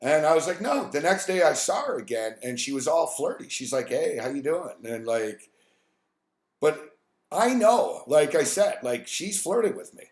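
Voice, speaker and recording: A man telling a long, swearing-laced workplace story on a live stream, quoting coworkers and his own thoughts as he goes. His voice sits at an ordinary pitch. It rings in a noticeably echoey room. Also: normal speed. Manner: profane, rambling, animated anecdote telling. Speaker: host.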